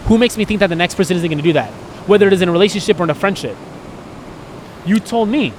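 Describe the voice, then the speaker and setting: A man's voice: high-pitched, fast talker, a bit bright, a little hiss or hum. A man co-hosting a podcast, talking earnestly and emotionally in a rambling, candid way. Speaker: podcast co-host.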